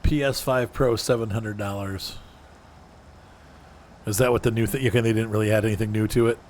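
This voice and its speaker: A man's voice: fairly low pitch, steady tone, brisk, darkish tone, a little hiss or hum. A man streaming a driving game, chatting casually and answering viewers in chat by name as he plays. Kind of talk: casual gameplay commentary.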